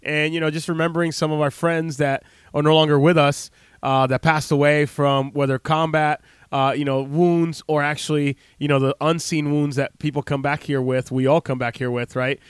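A man in his late thirties, an American health practitioner, chats to camera in a loose, heartfelt ramble full of fillers and restarts. His voice is a little high with little pitch movement, and he speaks at a moderate pace. Studio quality, clean tone, and no room sound.

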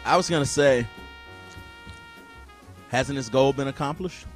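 A man hosting a radio show, telling stories in a casual, animated way and often mimicking other people. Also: mid-range voice, measured pace, faint music behind. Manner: animated storyteller, mimics voices, laughs often.

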